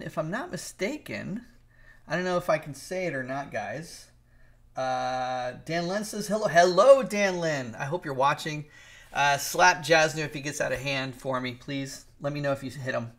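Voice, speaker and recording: Drawing on a live stream, a middle-aged animator chats and rambles in a mid-range, slightly bright voice. He says hello to viewers by name and teases them along the way.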